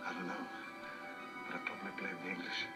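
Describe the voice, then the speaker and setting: A man's voice: sits low, fast talker, over loud music, natural voice, rough recording. An actor with a Scottish accent playing a freshly changed, eccentric male alien who rambles and jumps between thoughts. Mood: excited rant. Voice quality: rambling, excitable, jumpy. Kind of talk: film drama dialogue.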